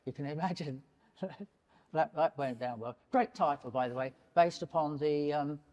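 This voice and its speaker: An older man in his seventies holds forth to a gallery audience, animated and wandering, cutting himself off and restarting. His voice sits a touch high for a man. A long hall reverb trails behind every phrase. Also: measured pace, highs cut off. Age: 70s. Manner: animated, digressive, breaks off mid-sentence. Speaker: painter and prize winner, interviewee. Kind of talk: public in-conversation talk.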